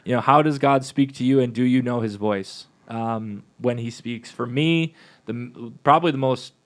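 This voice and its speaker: A man's voice: medium pitch, normal speed. A man co-hosting a parish podcast, chatting casually in a rambling way with many fillers and restarts. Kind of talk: casual chat.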